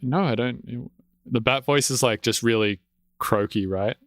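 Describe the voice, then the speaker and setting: A man's voice: mid-range voice, a little slow, dry recording. A man talking in a casual podcast conversation as an electronic music producer, laid-back and rambling, swearing freely, on a close studio mic.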